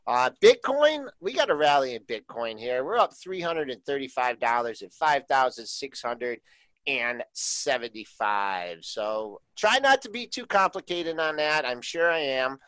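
A man's voice: mid-range voice, big pitch swings, unhurried, a bit bright, dry recording, low-quality recording. A man giving casual, rambling market commentary as co-host, full of fillers.

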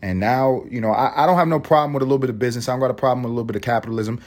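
A man hosting a solo podcast, ranting and rambling in a profane, animated way. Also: medium pitch, racing, hardly any pauses. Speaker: podcast host.

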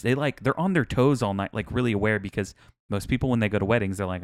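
A man's voice: lowish voice, animated, fast talker, no room sound, studio quality. A man co-hosting a podcast, speaking in an enthusiastic, emphatic way. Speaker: podcast co-host. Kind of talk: casual chat.

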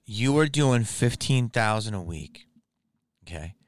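A man's voice: fairly low pitch, lively intonation, unhurried. A man hosting a podcast, chatting casually with a comedian guest and swearing freely. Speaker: podcast host. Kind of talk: casual interview chat.

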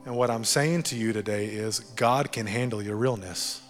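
A male pastor preaches in a lively, joking way and hammers key lines by saying them again. His voice carries through a big hall with a long echo, and soft music plays faintly underneath. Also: fairly low pitch, normal speed. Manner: animated, jokey, repeats key phrases for emphasis. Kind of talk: sermon.

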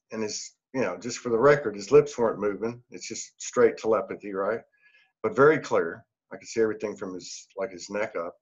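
A man's voice: on the low side, lo-fi sound. A middle-aged man, a podcast guest, telling a personal story in an earnest, rambling way, laughing often and using many fillers. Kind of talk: casual storytelling.

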